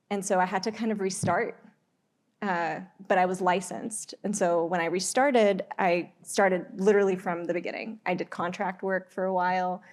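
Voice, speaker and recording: Low-voiced woman, candid panel talk. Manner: candid, measured, frequent ums. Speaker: alumni panelist, attorney.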